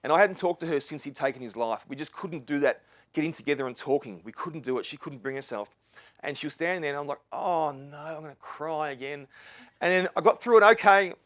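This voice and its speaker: Middle-aged Australian bloke, earnest and rambling, slightly high voice, dry close recording. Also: male voice, lively intonation, fast talker, fairly bright tone, no room sound. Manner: earnest, rambling with restarts and asides. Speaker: speaker. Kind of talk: live talk to an audience. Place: lecture venue with live audience.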